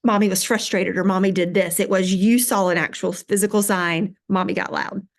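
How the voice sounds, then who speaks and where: A woman's voice: medium pitch, fairly even intonation, moderate pace. A woman co-host who sums up and affirms her guest's points in a friendly, conversational way. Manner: warm, affirming, summarizing. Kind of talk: conversational interview talk.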